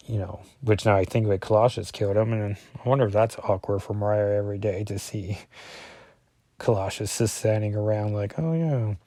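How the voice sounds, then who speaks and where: A man's voice: fairly low pitch, warm tone, no echo. A man casually talking through a comic book issue as a reviewer, rambling and correcting himself often with lots of fillers.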